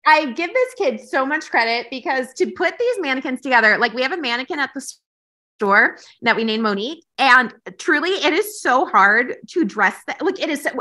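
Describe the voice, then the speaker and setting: A woman's voice: high-pitched, pushed and bright. A woman guesting on a podcast, teasing the host in casual chat, sarcastic and swearing freely.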